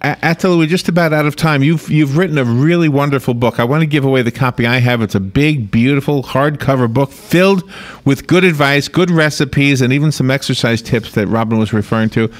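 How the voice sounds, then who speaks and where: A man's voice: mid-range voice, a little fast. A man hosting a radio interview, asking questions in a friendly, conversational way. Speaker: radio host.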